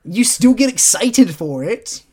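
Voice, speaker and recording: A man's voice: high voice, expressive, unhurried, dark tone, breathy edge. A man co-hosting a podcast in casual book chat, teasing his co-host playfully and laughing often.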